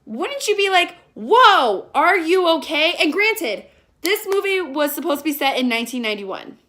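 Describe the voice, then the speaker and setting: A young woman in her twenties giving a sarcastic, profane comedic movie review, often mocking the characters in shrill voices. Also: expressive, brisk, a bit bright. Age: young adult.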